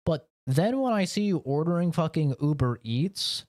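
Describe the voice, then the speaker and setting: A man's voice: a little high, lively intonation, normal speed, a little mellow, no echo, studio quality. A man from the United States streaming from his home office, rambling in a casual, profane rant. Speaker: game streamer. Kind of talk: casual chat while streaming.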